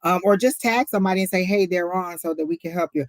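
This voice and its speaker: Talking fast in a fairly low voice, a woman co-hosts a live tarot stream in a relaxed, chatty way. She tells stories and speaks straight to the viewers, and the recording has no room sound.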